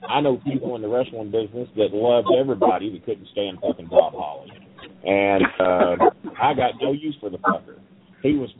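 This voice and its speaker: A middle-aged man tells a story bluntly and heatedly, swearing freely, over the phone. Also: fairly low pitch. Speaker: wrestling business guest. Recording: tinny phone line.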